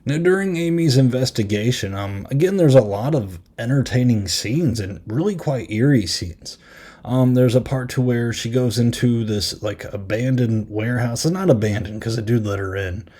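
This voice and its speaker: A man hosting a podcast, casually recapping a horror film with lots of "like" and "um" and quick half-acted quotes. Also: medium pitch, expressive, dark tone. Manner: rambling, filler-heavy recap with frequent "like" and "um"; easily amused, retells scenes with quick half-acted quotes. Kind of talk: casual chat.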